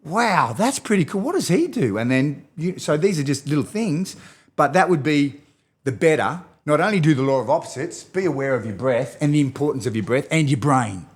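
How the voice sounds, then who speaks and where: Aussie guy on a podcast, super animated, coachy, explaining stuff with energy. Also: a little high, a little fast. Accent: Australian. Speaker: podcast guest, physio and movement expert. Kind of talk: enthusiastic podcast interview talk.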